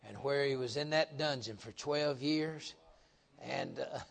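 A middle-aged man preaching a folksy revival sermon, joking with the congregation and swelling into loud emphatic bursts. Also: medium pitch, a little slow, gravelly.

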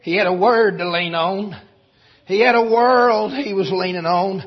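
A man preaching a sermon, shifting from quiet storytelling to shouted preaching. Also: high voice, measured pace, slightly rough. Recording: dull lo-fi recording.

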